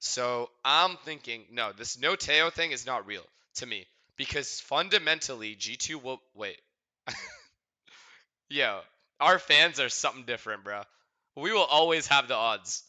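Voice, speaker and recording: A man streaming a watch party, chatting casually and getting excited. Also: mid-range voice. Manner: casual, excitable, checks his mic aloud.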